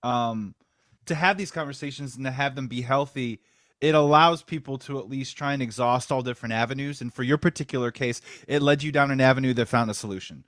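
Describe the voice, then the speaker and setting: Male host, mid pitch, dry recording, thoughtful and measured questioner. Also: a bit bright, no echo. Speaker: show host. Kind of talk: casual interview.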